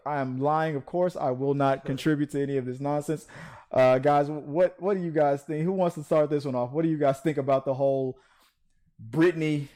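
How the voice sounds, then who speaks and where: Man, podcast host, slightly high voice, halting, restarts, sarcastic asides. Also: darkish tone. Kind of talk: casual panel chat.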